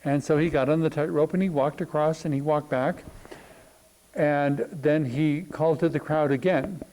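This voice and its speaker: A man hosting a reflective talk on spirituality, thinking aloud with many pauses and fillers. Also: on the high side, steady tone, warm tone, rough recording. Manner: thoughtful, unhurried, many ums and pauses.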